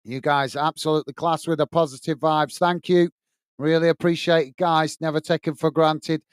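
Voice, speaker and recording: A man's voice: a little high, little pitch movement, normal speed, smooth, no echo, clean studio sound. A middle-aged man hosting a live football watch-along, calling the play and chatting with viewers as he reads their comments. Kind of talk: live match commentary and chat reading.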